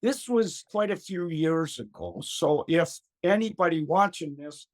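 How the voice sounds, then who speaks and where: A man's voice: on the high side, measured pace. Older guy spinning a funny yarn, acts out voices, laughs a lot. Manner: lively storyteller, acts out voices, laughs often. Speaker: gardening expert guest. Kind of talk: animated storytelling in an interview.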